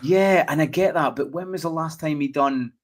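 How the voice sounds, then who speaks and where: Scottish man, animated casual football chat. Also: a little high, normal speed. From Scotland. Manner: animated, repeats "do you know what I mean". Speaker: podcast host.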